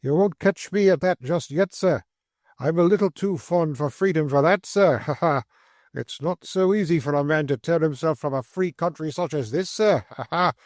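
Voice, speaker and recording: Brief: blustering showman doctor from Scotland, loud and full of himself, pitched up, as a male narrator puts him on, dry close sound. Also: animated, moderate pace, hardly any pauses, no echo. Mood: boastful. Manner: loud, showy, chuckling bluster. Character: boastful loud Scottish phrenologist doctor, tall, middle-aged man.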